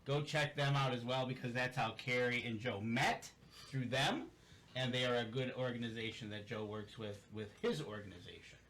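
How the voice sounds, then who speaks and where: A man hosting a casual show, wrapping up with upbeat shout-outs. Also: mid-range voice, moderate pace. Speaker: host.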